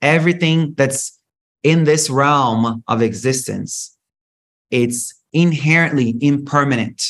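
A man hosting a solo spiritual podcast, talking in an animated, profane, rant-like way with big swings in pitch. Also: takes it slowly. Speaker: podcast host.

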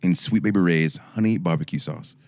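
A man's voice: low-pitched, a little fast, a little mellow. A man co-hosting a podcast in casual chat, reading out listener questions and laughing easily. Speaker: podcast co-host.

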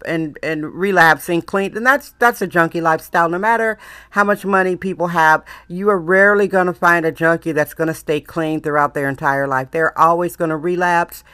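A woman's voice: lowish voice, a bit bright, no echo, studio quality. A woman from Wisconsin hosting a podcast in a casual, chatty monologue, often laughing and repeating herself. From Milwaukee, Wisconsin, US. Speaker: podcast host.

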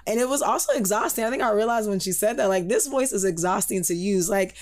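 A young woman co-hosting a podcast, chatting casually and telling a lively story with an animated, candid delivery. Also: fast. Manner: animated storyteller, laughs, switches into a put-on high voice. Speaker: podcast co-host.

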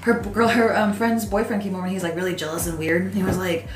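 A woman telling a story in an animated, laughing way during a casual chat. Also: medium pitch, quick pace. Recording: roomy echo with music.

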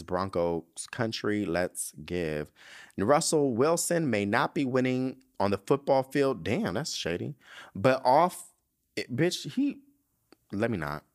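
A young man hosting a podcast, reading news headlines aloud and riffing on them in a sassy, campy way. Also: mid-range voice. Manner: sassy, campy, reads headlines then riffs with side comments. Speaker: podcast host. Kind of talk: casual solo commentary on celebrity news.

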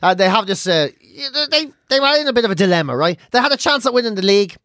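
An Irish woman hosting a podcast, telling an animated, sweary story with bursts of laughter. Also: medium pitch, quick pace, no echo, studio quality. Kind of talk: casual chat.

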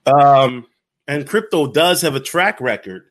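A man's voice: mid-range voice, measured pace. A man hosting a casual reaction video, talking in slang, restarting and repeating himself. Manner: animated, slangy, repeats himself, calls others dog. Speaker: crypto YouTuber reacting to a video.

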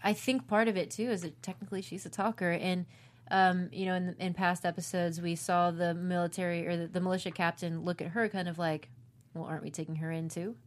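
A woman's voice: lowish voice, a little fast. A young woman actress chatting casually about a role she played, laughing often and telling stories with quoted lines. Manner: laughs often, animated storytelling with acted quotes. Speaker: actress discussing her role. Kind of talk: casual chat.

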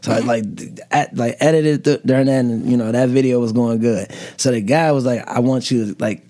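A man's voice: medium pitch, fairly even intonation, brisk, dark tone. A young man, a comedian guest, telling a story in casual chat with lots of laughs and restarts. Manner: rambling, laughing, fillers and restarts.

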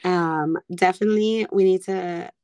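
A woman co-hosting a podcast, telling a crude story in casual chat with lots of swearing and a hoarse voice. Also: lowish voice, fairly even intonation, normal speed, darkish tone, no room sound. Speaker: podcast co-host.

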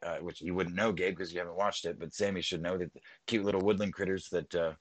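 Low-voiced guy rambling on a podcast, swears a lot, dry close sound. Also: steady tone, fast talker, no echo, rough recording. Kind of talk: casual chat.

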